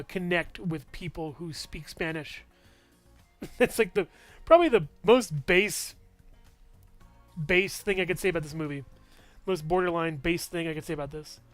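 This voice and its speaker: High, smooth-voiced man rambling about movies. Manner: rambling, full of fillers and restarts, chuckles often. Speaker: movie reviewer. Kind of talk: casual movie review vlog.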